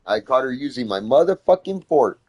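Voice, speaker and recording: A man telling a heated story in casual conversation, swearing constantly and getting loud when he retells arguments. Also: mid-range voice, big pitch swings, a little fast.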